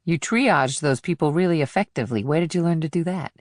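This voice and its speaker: A woman voicing a blunt, wry female FBI agent in an audiobook, speaking in a low, plain manner. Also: brisk, darkish tone, dry recording, lightly acted. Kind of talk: audiobook dialogue.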